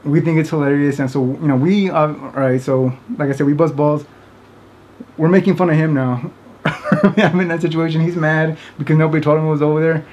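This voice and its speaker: A man tells a funny story in a loose, rambling way, full of fillers. His voice sits a little high for a man. He keeps breaking into laughter as he talks. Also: steady tone, fairly quick, a little mellow, a little hiss or hum. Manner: laughs often, rambling, many "like"s. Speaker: vlogger. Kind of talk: casual storytelling.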